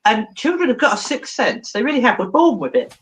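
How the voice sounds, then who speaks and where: A woman with a slightly high voice speaks briskly on a rough recording. She's a therapist in an interview, telling a story with lots of expression, acting out voices and laughing often.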